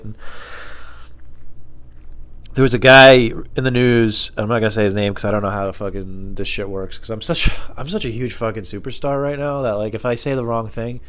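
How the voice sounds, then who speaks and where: A man's voice: lowish voice, fairly bright tone. A man comedian hosting a podcast, talking in a rambling, profane, self-mocking way with laughs.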